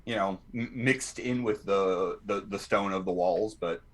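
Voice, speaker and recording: A man's voice: fairly low pitch, measured pace. A man narrating as game master of a tabletop game, hesitant and full of fillers. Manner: hesitant, many fillers and restarts.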